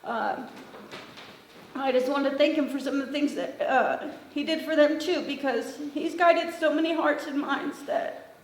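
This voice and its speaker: A woman's voice: high-pitched, fairly even intonation, measured pace. A middle-aged woman from Northern California gives a conversational tribute at a memorial, with frequent fillers and restarts. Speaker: former student giving a eulogy. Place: memorial gathering in a roomy hall. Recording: roomy echo with faint ambient noise.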